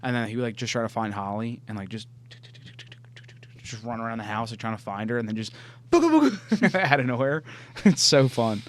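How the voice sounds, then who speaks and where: A young man co-hosting a podcast, casually chatting, laughing often and swearing as he tells animated stories. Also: fairly low pitch, a little fast, long pauses. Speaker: podcast co-host. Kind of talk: casual chat.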